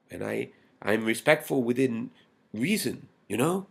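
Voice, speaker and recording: A man's voice: mid-range voice, gravelly, husky. A man recording a rambling, intense personal video message, swearing and restarting often and often dropping to a whisper.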